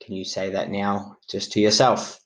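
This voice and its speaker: A man speaks in a fairly low voice as a primary school teacher recording a reading lesson. His delivery is slow, clear and encouraging, pitched for young children. He sounds like he is in his classroom. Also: flat delivery.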